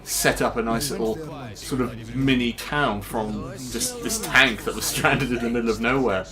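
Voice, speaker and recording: A man's voice: mid-range voice, fairly even intonation, normal speed, crowd noise. A man casually and enthusiastically commenting over gameplay at home on a headset mic. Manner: chatty, enthusiastic, laughs often.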